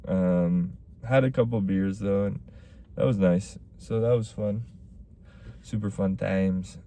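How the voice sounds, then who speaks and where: A young man, a stand-up comic, hosts a casual solo podcast, rambling slowly through stories about his shows and acting out what people said. His voice is low and warm with fairly even intonation, over slight background noise.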